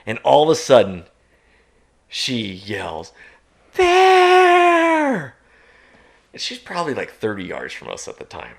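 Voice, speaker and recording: A man, a podcast guest, telling a long outdoor story in a lively way, laughing and jumping into loud high shouts as he acts it out. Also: quick pace, vocal fry, hardly any pauses. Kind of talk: animated storytelling.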